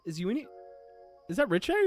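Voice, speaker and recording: A streamer reacting live to a manga chapter, gushing, swearing and squealing with excitement. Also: medium pitch, normal speed, soft background music.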